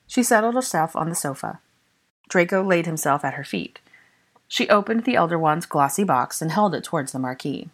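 Woman narrator, deep voice, lively storybook reading. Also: brisk. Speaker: fan audiobook reader.

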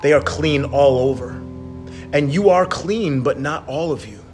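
A calm male teacher who answers questions with patience and firmness, voiced gently by a man reading scripture. He speaks in a quiet, level tone with guitar music behind. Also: on the high side, a little slow, natural voice. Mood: patient.

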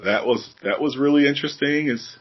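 Speaking briskly in a husky mid-range voice, a male podcast co-host trades candid, swear-laden, animated stories in casual chat. The audio comes across dull.

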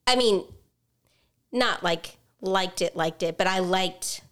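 Smooth, low-voiced woman co-host. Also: takes it slowly, a bit bright. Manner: hesitant, meandering, many fillers. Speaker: podcast co-host. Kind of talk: casual chat.

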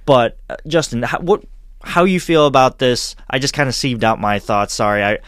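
A man's voice: mid-range voice, lively intonation, normal speed, a bit bright, no echo, clean studio sound. A man co-hosting a casual sports podcast, talking in a rambling way with lots of restarts and laughs. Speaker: podcast co-host.

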